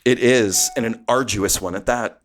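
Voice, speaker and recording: A man's voice: mid-range voice, moderate pace. A man hosting a comedy podcast, bantering playfully and giggling often. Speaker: podcast host. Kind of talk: casual comedy chat.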